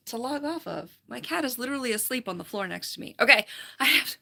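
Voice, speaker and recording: A woman wraps up a casual live stream from home, reading the chat and giggling as she rambles. Her voice is bright and a little tense, yet worn down to a slight fry after a long session. She talks through a computer mic. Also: a little high, animated, quick pace. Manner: chatty, giggly, rambling, reads chat aloud. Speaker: livestream host, falconer.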